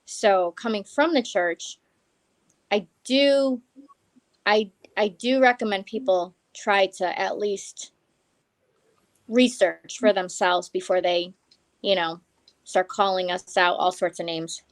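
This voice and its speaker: A woman's voice: mid-range voice, dry recording. Earnest woman speaking in a dry voice. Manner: earnest, reflective, halting. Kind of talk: casual live-stream chat.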